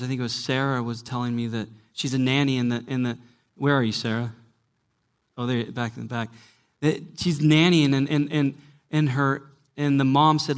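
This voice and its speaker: A man preaching to a young adults gathering at church, telling stories emphatically and often saying "listen". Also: mid-range voice. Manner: emphatic storytelling, repeating "listen". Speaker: pastor and former college teacher. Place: church gathering before a live audience.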